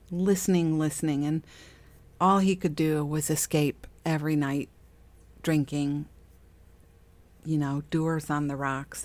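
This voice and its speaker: This is a middle-aged woman with a deep voice and a darkish tone, hosting a podcast. She chats casually about spiritual self-help, laughs frequently and acts out the voices she quotes.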